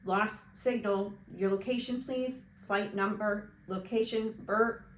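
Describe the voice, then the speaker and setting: A brisk adult radio operator issuing clipped, procedural instructions, a touch raised and firm, as a woman reads him aloud in a storybook. The voice sits in a roomy space with a faint hiss. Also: medium pitch, steady tone, close to an everyday voice. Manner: clipped, formal radio talk.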